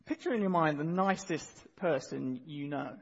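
A man preaching a sermon, earnest and measured, pausing and repeating key phrases. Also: a little high, vocal fry, breathy edge. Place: church hall. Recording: dull sound with long hall reverb.

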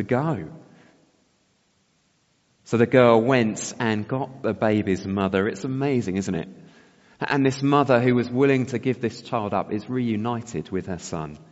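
A man's voice: on the low side, normal speed. A man delivers a thoughtful sermon, often asking his listeners rhetorical questions. His voice carries a long reverb, as if in a church hall, and the recording sounds slightly dull and muffled. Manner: reflective, asks rhetorical questions. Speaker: preacher.

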